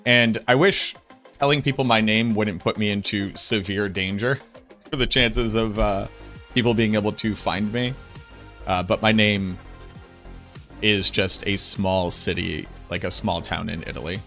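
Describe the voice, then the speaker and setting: A man's voice: lowish voice, steady tone, normal speed, vocal fry, bright, forceful tone, faint music behind. A man from Boston with a Boston accent, chatting casually and playfully with his livestream viewers and answering their messages. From Boston, United States. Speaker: game streamer.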